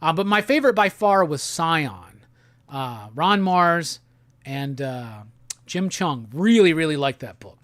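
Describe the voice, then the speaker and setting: A man hosting a casual live stream. He talks in a laid-back, slangy way and reads viewer comments aloud in quick bursts. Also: fairly high pitch, expressive, a bit bright, no echo. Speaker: livestream host. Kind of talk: casual livestream chat, reading viewer comments.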